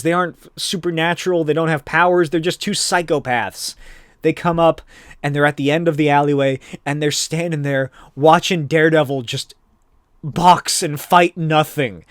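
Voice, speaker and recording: A male podcast host telling a comic story casually, swearing freely and getting animated. His voice sits a touch high, and the sound is dry and close. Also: no room sound. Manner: loose, profane and animated storytelling. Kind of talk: casual comic book recap.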